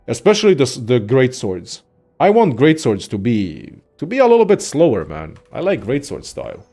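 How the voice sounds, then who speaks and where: A young man casually ranting about games in a profane, excitable, rambling way as a content creator. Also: medium pitch, moderate pace, faint music behind. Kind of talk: casual gaming rant.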